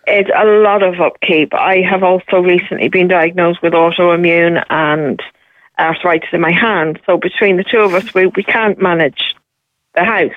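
A middle-aged woman calling a radio show, telling her situation in a steady, matter-of-fact way with pauses and ums. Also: lowish voice, dry recording. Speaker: caller. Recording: tinny phone line.

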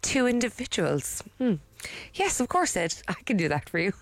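A woman's voice: medium pitch, sing-song, normal speed. Woman doing a posh hotel receptionist. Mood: polite.

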